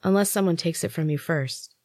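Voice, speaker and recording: A woman voicing a secretive young female servant who talks in a hushed, hurried way. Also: on the low side, no echo, clean studio sound, close to an everyday voice.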